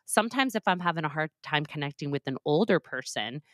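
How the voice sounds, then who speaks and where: A woman in her forties, a professor and author, speaking as a guest in an interview with animated, enthusiastic storytelling. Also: low-pitched, fast talker, no room sound, studio quality. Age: 40s. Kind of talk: podcast interview.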